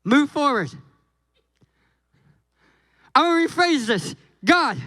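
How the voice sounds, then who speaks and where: Guest pastor, male, very high voice, slow deliberate delivery, jokey storyteller who voices the characters in his sermon. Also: no echo, low-quality recording. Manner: animated, jokey, acts out dialogue with God and Moses.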